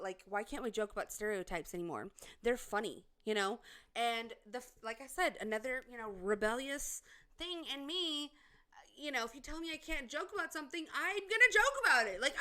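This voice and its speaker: A woman's voice: on the high side, sharp tone. A woman giving loose, chatty commentary as she reacts to a clip, with lots of fillers.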